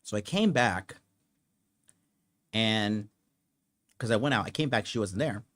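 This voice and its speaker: A man's voice: lowish voice, measured pace, fairly bright tone. Blunt, profane man telling a story. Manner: blunt, profane, rambling with fillers. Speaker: podcast host. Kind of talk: casual storytelling monologue.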